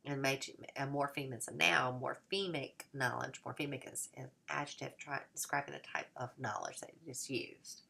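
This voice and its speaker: A woman's voice: extremely low pitch, steady tone, moderate pace, creaky, hardly any pauses, bright, forceful tone, slight background noise. A woman explaining a topic in a recorded lecture, with frequent fillers and restarts as she talks it through. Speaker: teacher trainer.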